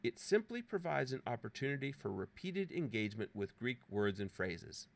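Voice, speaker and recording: A man's voice: mid-range voice, very animated, moderate pace, gravelly. A man presenting an app walkthrough as a scripted, playfully dramatic voice-over narration with theatrical exclamations. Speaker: presenter demonstrating a teaching app.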